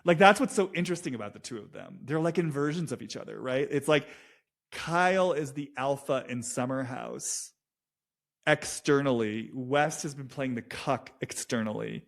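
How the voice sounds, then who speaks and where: A young man delivers a casual analytic monologue about a reality show, loose and rambling, packed with fillers and restarts, and swearing freely. His mid-range voice is gravelly, with lively intonation at a moderate pace.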